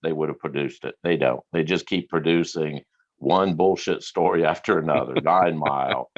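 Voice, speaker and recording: A man in casual conversation, telling stories in a profane, animated way and laughing often. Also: extremely low pitch, normal speed. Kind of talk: casual chat. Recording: lo-fi recording.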